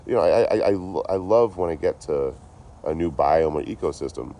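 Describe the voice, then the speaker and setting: A man's voice: low-pitched, expressive, quick pace, mellow. A man from the Boston area, chatting casually on a livestream outdoors, rambling and swearing freely. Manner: rambling, profane, laid-back. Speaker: traveling livestreamer. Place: outdoors behind a store. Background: faint passing vehicles.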